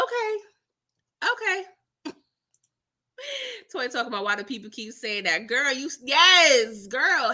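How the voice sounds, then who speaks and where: A woman hosting a casual TV recap livestream, talking in an animated, dramatic way with slangy asides and quick impressions of the characters. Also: fairly high pitch. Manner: mimics characters' lines in quick voices. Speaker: recap channel host.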